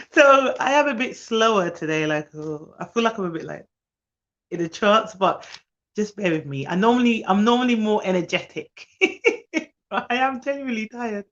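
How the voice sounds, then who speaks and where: Tired, fast-talking woman nanny on a live stream. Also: mid-range voice, animated, highs cut off. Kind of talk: live-streamed advice talk.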